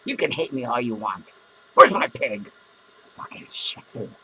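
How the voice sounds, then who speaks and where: A man's voice: medium pitch, sing-song, a little slow, bright, forceful tone, a little hiss or hum, rough recording. A man playing a drunken, foul-mouthed, hot-tempered male clown who slurs, rambles and swears. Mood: drunken rambling. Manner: slurring, rambling, swearing constantly. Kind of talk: improvised character comedy monologue.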